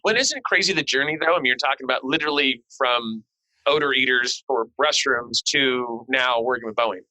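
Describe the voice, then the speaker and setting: A man's voice: mid-range voice, brisk, pushed and bright, no echo, rough recording. A man hosting a podcast interview, chatting casually and telling playful, joking stories. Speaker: podcast host.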